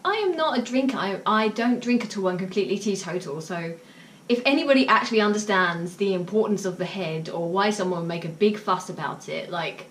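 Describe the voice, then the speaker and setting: A woman's voice: medium pitch, expressive, a little fast. A woman telling a casual story to camera, chatty, with lots of fillers. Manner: chatty, with many fillers and bursts of laughter. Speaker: vlogger. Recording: roomy, mic at a distance, faint noise.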